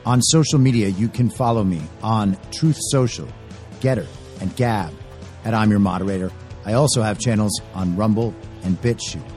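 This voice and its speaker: A man's voice: lowish voice, moderate pace, darkish tone, faint music behind. A man hosting a political commentary podcast, talking in a blunt, emphatic and opinionated way into a close microphone. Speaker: podcast host.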